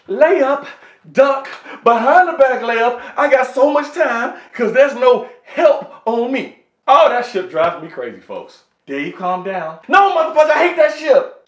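Man, vlogger, high lively voice, swearing rant, echoey room. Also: measured pace. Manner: profane, animated, talks to viewers as folks. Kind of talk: casual comedic rant to camera. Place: indoor room with wooden floor.

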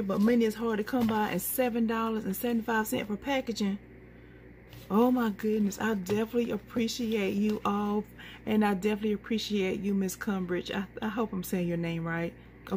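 A woman's voice: medium pitch, a little mellow, a little hiss or hum. A woman chatting to her viewers as a couponing vlogger, laughing often and calling them y'all. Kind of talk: casual chat to viewers.

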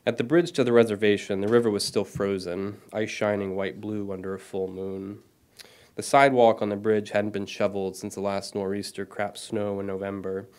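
Author in his thirties reading own story, lowish voice, self-deprecating, steady delivery. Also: clear, resonant tone. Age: 30s.

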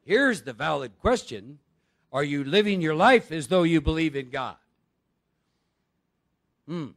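Male workshop speaker, gravelly and talkative, constantly asking his audience questions. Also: a little high, lively intonation, a little slow, a bit bright. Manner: conversational, quizzes the audience with rhetorical questions. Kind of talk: live workshop talk.

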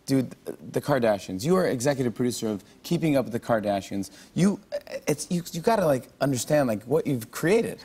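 A man's voice: mid-range voice, very animated, warm tone, breathy edge. A man hosting a talk show, chatting with a guest and eagerly agreeing. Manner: eager, quick to agree and laugh along. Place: TV studio with audience.

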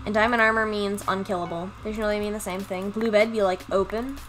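A young woman chatting through a live gaming stream, talking to her viewers and teammates and breaking into high yelps when things go wrong. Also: fairly even intonation, fast, fairly bright tone. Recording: faint music in background.

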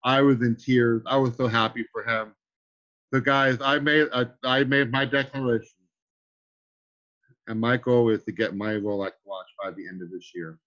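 An upbeat man hosting a video call, speaking at an ordinary pitch as he gives a motivational talk to a group. He keeps calling his listeners guys. The call audio sounds dull and lo-fi. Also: fairly even intonation, normal speed, a bit bright. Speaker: host of an online training call.

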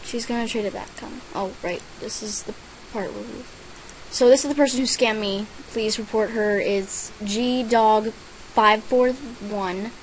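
A teenage girl speaks unhurriedly in a fairly high voice on a low-quality recording with a little hiss or hum. As a gaming vlogger, she chats while recording her play, reading other players' names and messages and squealing about gifts.

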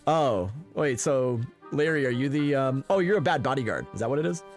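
A woman's voice: rumbling low, expressive, a little fast. A woman chatting casually with friends while playing an online game, often laughing and swearing. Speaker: gamer. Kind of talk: casual chat while gaming. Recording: music playing behind.

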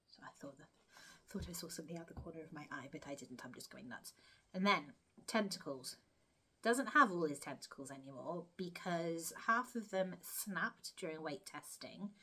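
Casting: woman, lower-pitched voice, rambling friendly crafts vlogger. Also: pushed and bright, slightly rough. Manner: chatty, rambling, self-deprecating, with frequent laughs and asides. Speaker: crochet vlogger. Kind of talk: casual chat to camera.

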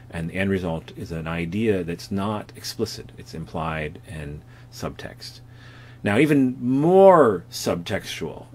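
A man's voice: sits low, breathy edge. A man lecturing on comics art from home, explaining slide examples with frequent fillers and self-corrections.

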